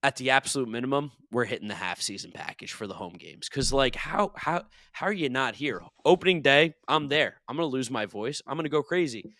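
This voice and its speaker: A man co-hosting a sports podcast, animated and profane, often acting out what others say. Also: medium pitch, brisk, few pauses, no room sound, clean studio sound. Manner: animated, profane, quotes people in voices. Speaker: podcast co-host. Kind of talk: excited casual chat.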